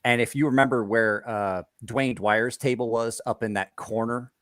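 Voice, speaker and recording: A man's voice: mid-range voice, moderate pace, no echo, clean studio sound. A man and knife maker telling stories in a casual podcast chat, acting out quotes and laughing often. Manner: animated storyteller, acts out quotes, laughs often.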